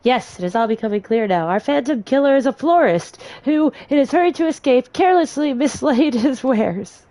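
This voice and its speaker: A woman voicing a pompous, theatrical gentleman detective as she reads game dialogue aloud, with grandiose, flowery speech. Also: high-pitched, lively intonation, moderate pace, pitched above the performer's own voice, poor audio. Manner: grandiose, flowery, self-important.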